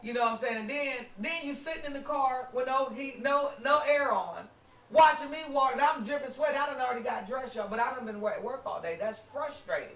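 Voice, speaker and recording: A woman podcast host telling a story in casual chat, animated and acting out what people said. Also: sits high, brisk. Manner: animated, acts out quoted lines, lots of "you know what I'm saying". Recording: roomy room, distant mic.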